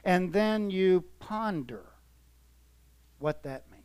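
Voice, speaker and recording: A male pastor preaching an earnest, emotional sermon, his voice swelling and dropping in volume and slowing to stress words. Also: high-pitched, animated, darkish tone, clear, resonant tone, no room sound.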